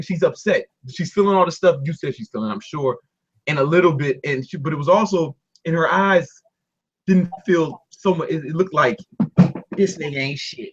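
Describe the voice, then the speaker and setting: A young man telling a story in casual talk, animated and laughing, doing voices for the people in it. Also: a little high, slightly rough, lo-fi sound. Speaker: guest storyteller.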